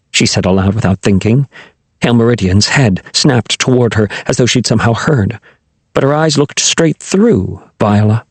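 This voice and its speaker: A man narrating a children's fantasy audiobook in an expressive, storytelling style. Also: on the low side, normal speed, breathy edge, no echo.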